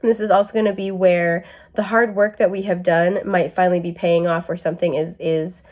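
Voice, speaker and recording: A woman's voice: lowish voice, level tone, a little fast, darkish tone. Chatty young woman tarot reader. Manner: chatty, many fillers, asides to camera. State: occasional cough. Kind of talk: casual astrology reading.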